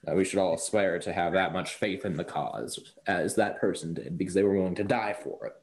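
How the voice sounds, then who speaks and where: A man's voice: deep voice, brisk. A man leading a casual tabletop role-play discussion, asking pointed questions and teasing the players.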